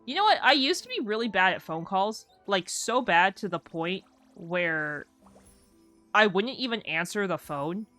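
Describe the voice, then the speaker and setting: Bright-voiced young woman streamer, rambling. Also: mid-range voice, very animated, a little slow, faint music behind. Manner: rambling storyteller, heavy use of "like". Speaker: game streamer. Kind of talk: casual chat while gaming.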